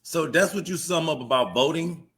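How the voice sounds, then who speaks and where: A man's voice: on the high side, normal speed, a bit bright. A man co-hosting a live talk stream, pushing back in a laid-back way, often restarting his sentences. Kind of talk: casual debate talk.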